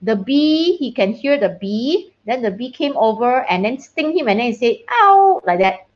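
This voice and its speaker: A woman's voice: fairly high pitch, lively intonation, normal speed, a little mellow, muffled recording. A woman teacher giving an online science lesson on a video call, chatty and casual, often checking that her students can hear her and slipping in short Mandarin phrases. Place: online class.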